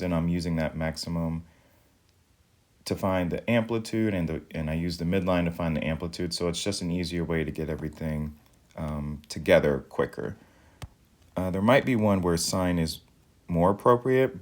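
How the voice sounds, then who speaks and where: A man, a math teacher, explaining step by step in a calm, methodical recorded video lesson. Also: deep voice.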